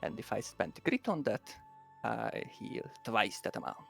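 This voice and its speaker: Male tabletop player, gravelly, very animated pitch, reads rules text with faint music under. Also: measured pace. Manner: methodical, reads ability text. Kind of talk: reading rules aloud in a tabletop game.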